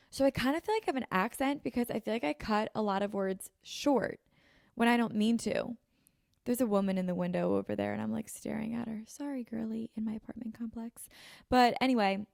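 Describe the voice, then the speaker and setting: A woman's voice: medium pitch, gravelly, no room sound, clean studio sound. A young American woman from the Philadelphia suburbs, hosting a podcast in casual chat and filling her speech with "like", a little sniffly. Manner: chatty, filler-heavy, says "like" constantly. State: sniffly, slightly runny nose. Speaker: podcast host. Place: apartment room. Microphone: podcast mic with video.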